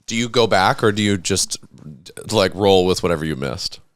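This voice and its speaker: A man's voice: deep voice, normal speed, no room sound, clean studio sound. A man, a podcast guest, telling stories in a laid-back casual chat and laughing often. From United States.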